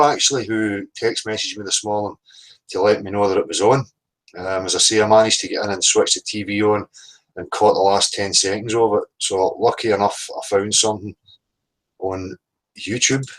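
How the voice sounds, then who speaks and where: A man's voice: lowish voice, rough recording. A man hosting a casual livestream, blunt and sweary, greeting chat viewers by name. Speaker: livestream host.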